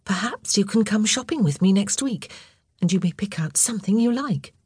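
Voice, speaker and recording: A woman voicing a patient young woman who gently soothes her younger siblings in an audiobook. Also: medium pitch, animated, moderate pace, slightly rough, no room sound, studio quality, voice pushed up. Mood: gentle.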